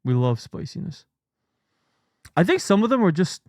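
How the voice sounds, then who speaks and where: Lively, scattered male streamer. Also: high-pitched, moderate pace, dry recording, clean studio sound. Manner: scattered, muttering, swears freely. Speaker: streamer host. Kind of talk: casual live-stream chat.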